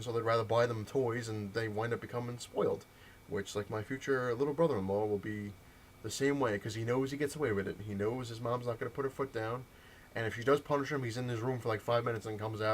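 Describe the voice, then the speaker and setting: A man ranting in a casual vlog, telling a story with heated, animated mimicked dialogue. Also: medium pitch, a little hiss or hum. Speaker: comic collector vlogger.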